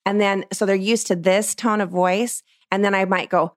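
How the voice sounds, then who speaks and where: A middle-aged woman, a portrait photographer, explaining her craft in a casual, animated way and acting out what she says to clients. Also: mid-range voice, normal speed, no echo, studio quality. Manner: lively, acts out what she tells clients. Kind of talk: casual teaching talk.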